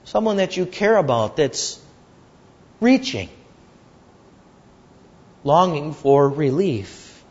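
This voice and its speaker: A male preacher giving an earnest, measured sermon and telling a story, with lots of repetition. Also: fairly high pitch, very animated, darkish tone, husky. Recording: dull lo-fi recording.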